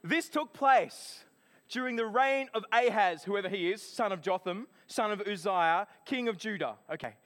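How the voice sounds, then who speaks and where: A man delivers a sermon in a high, light voice. He tells his story in an animated, chatty way. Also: moderate pace. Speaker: preacher.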